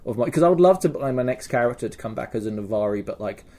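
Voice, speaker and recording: English guy chatting on a podcast, swears a lot, dark mellow voice, gets animated. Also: medium pitch, fast. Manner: animated, swears freely, laughs at himself. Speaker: podcast host. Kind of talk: casual chat. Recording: phone interference.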